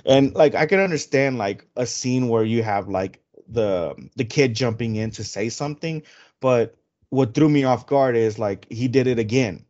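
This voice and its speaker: A man co-hosting a podcast, talking in a loose, rambling way full of fillers and restarts. His voice sits at an ordinary middle pitch. The recording sounds a little dull and lo-fi. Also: normal speed, darkish tone. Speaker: podcast co-host. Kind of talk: casual chat. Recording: dull lo-fi audio.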